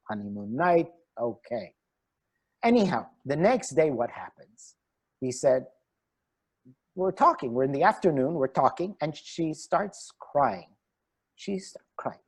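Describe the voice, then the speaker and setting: A man giving an online talk as a relationship coach, animated and laughing between his points. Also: a little high, breathy edge.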